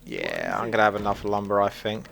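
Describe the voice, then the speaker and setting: A man's voice: on the low side, wildly swooping pitch, fairly quick, creaky, a bit bright. Playful young man with mixed British accent. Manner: playful, self-mocking, chatty. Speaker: gaming commentator. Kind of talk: casual gameplay commentary.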